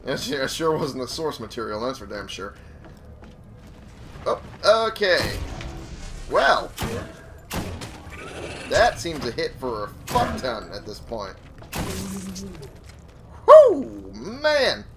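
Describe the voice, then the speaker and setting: Man doing let's play commentary: casual, swears freely, lively pitch. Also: measured pace, long pauses, faint music behind. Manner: casual, swearing, laughing to himself. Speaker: gamer.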